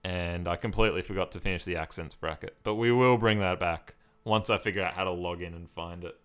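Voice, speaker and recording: A man's voice: low voice, brisk, a bit bright, smooth. An Australian man from Victoria, chatting casually on a live stream as he reads and answers viewer comments.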